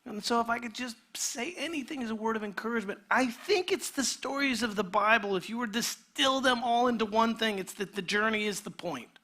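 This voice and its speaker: A man, a pastor, preaching a sermon in a conversational way, sometimes dropping to a near whisper and sometimes building to an animated retelling. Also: very high voice, fairly quick, hardly any pauses. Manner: shifts between quiet intimate passages and energetic animated retelling; conversational, with restarts and filler words.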